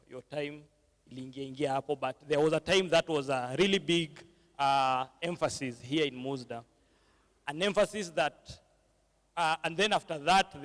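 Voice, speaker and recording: A man's voice: fairly high pitch, in a large hall. A man moderating a church panel discussion, switching between English and Swahili, with frequent fillers and tag questions.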